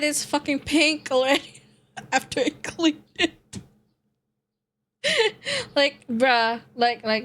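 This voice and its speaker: Slow, giggly woman streamer. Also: a little high, a bit bright. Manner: giggly, swears freely, repeats phrases; talks to chat and friends while setting up a game. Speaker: VTuber streamer. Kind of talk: casual live-stream chat.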